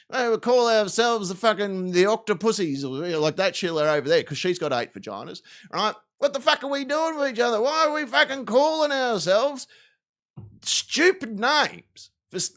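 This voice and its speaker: An Australian man playing a fed-up Australian villain boss who rants at his crew in a shouty, sweary way. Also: very high-pitched, full character voice. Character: exasperated Australian male villain boss, ranting.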